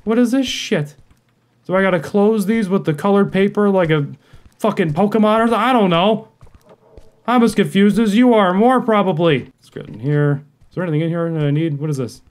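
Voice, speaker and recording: A man hosting a horror game playthrough, talking to himself in jumpy, profane commentary that swings from muttering to yelling. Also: high-pitched, a little fast. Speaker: gaming video host.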